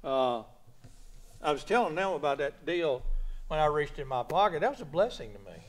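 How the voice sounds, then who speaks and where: A man preaching a sermon in a church, folksy, moving from quiet asides to loud exhortation. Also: on the high side. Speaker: pastor.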